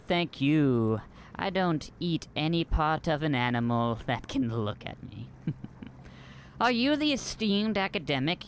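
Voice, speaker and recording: Male actor plays a naive, gushing playboy academic; sing-song and unhurried, audio comedy. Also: fairly high pitch, a little hiss or hum. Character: pompous rich young male pirate scholar.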